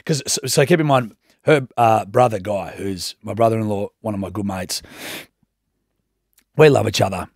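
A man's voice: on the low side, normal speed, long pauses, dry recording, clean studio sound. An Australian man in his thirties, a radio host telling a story on air and acting out everyone's lines.

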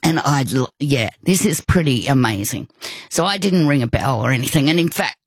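An older woman, telling a personal story in casual conversation, rambling warmly with restarts and asides. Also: rumbling low, lively intonation, normal speed, slightly rough, dry recording.

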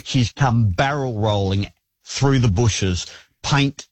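Hesitant caller with a story. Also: male voice, medium pitch, slow, no room sound. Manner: hesitant, full of ums. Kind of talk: telling a story on air.

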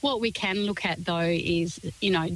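A woman speaking as a guest expert on radio. She lays out her points calmly and clearly, one after another. Her voice sits a little low for a woman. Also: moderate pace, low-quality recording. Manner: composed, articulate explaining in lists. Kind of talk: radio interview.

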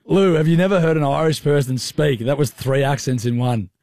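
A man's voice: a little high, brisk, warm tone. A man hosting a radio show, bantering and teasing his co-host with lots of laughter. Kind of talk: casual banter.

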